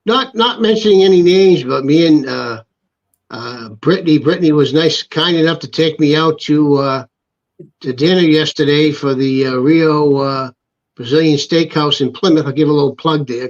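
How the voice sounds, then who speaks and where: A man's voice: fairly high pitch, normal speed. A man and former wrestler telling a backstage story on a podcast, acting out the quotes with energy. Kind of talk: casual storytelling chat. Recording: slightly dull lo-fi sound.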